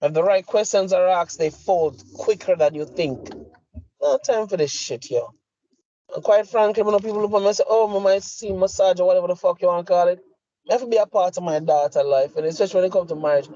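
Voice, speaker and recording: A man's voice: high voice, quick pace, mellow, no echo. A middle-aged man with a Jamaican accent, a podcast co-host delivering a heated, profane, emphatic rant. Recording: dry, slightly muffled lo-fi audio.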